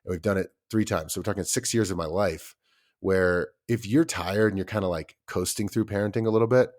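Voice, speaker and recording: A man's voice: deep voice, fairly quick. A man in his thirties, a podcast co-host chatting casually and acting out his children's voices as he tells stories. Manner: animated storyteller, acts out his kids' voices. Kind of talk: casual chat.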